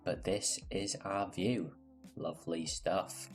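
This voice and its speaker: Man, very deep voice, casual gameplay commentary, playful rambling, faint music behind. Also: steady tone, slow. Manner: playful, rambling, self-mocking. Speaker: gaming creator.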